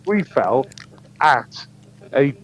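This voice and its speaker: A man on an online panel chat, halting and repeating himself as he speaks. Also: mid-range voice, big pitch swings. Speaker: panel guest. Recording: dull lo-fi audio.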